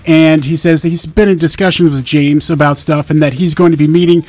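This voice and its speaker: A man co-hosting a morning radio show, reading promos and news in a relaxed way with many uh fillers. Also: a little high, brisk, dry recording. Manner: relaxed reads with frequent uh fillers. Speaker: radio show co-host running a game segment. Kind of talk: casual radio banter and promo reads.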